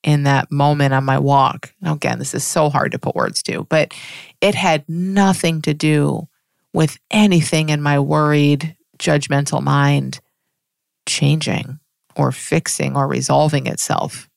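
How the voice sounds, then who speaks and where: Brief: woman, low voice with vocal fry, reflective monologue, dry close sound, muses and restarts. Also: steady tone, a little slow, no room sound. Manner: musing, with frequent restarts and soft laughs.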